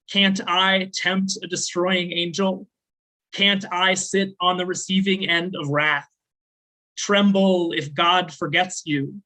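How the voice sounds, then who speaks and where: Bright-voiced man reciting spoken word. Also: high voice, low-quality recording. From American South. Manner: measured, deliberate recitation with chatty, filler-laden asides between poems. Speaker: slam poet. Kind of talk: spoken word poetry performance.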